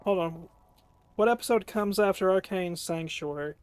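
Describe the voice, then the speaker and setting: A woman's voice: mid-range voice, unhurried, long pauses, darkish tone, clear, resonant tone, dry recording. A woman streamer chatting casually while playing a game, thinking aloud and correcting herself as she goes.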